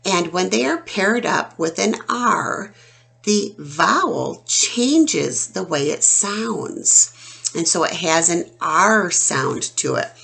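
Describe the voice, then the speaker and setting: A woman teaching a phonics lesson to young children, sounding out words slowly and clearly. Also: on the low side, bright, forceful tone.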